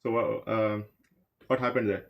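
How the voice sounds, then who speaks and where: A man's voice: on the low side, flat delivery, a little slow, vocal fry, dull audio. A man who teaches a devotional story class and speaks conversationally, addressing his listeners directly.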